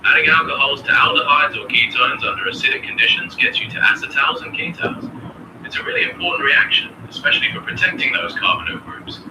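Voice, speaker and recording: A man's voice: fairly high pitch, a little fast, echoey room, distant mic, noisy background. A computer voice of a man acting as a chemistry tutor, polite and formal as he quizzes a student.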